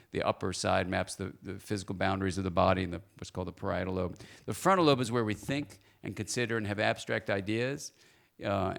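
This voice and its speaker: A man speaking as a guest lecturer at a church forum, lively and playful, often asking the audience questions. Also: lowish voice, gravelly.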